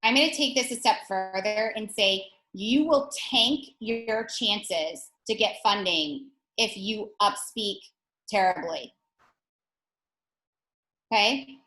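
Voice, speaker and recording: Energetic woman teaching over a roomy call. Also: mid-range voice, takes it slowly. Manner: energetic, direct, lots of restarts. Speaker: presentation skills instructor. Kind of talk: online workshop teaching. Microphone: video call.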